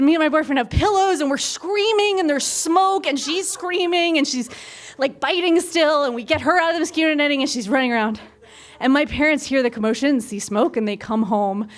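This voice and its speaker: A young woman in a slightly high voice performs a funny true story live on stage, speaking candidly and with energy while voicing the people she quotes.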